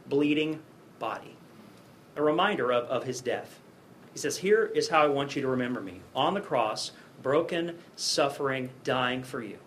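A man's voice: a little high, slight background noise. A man preaching a sermon in a conversational way, often checking in with his listeners with rhetorical questions. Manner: conversational, frequent rhetorical "right?" tags.

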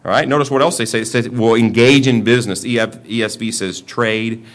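A middle-aged pastor preaches a sermon in a conversational way, his mid-range voice fairly quick and fairly bright. He often repeats words as he restarts his sentences.

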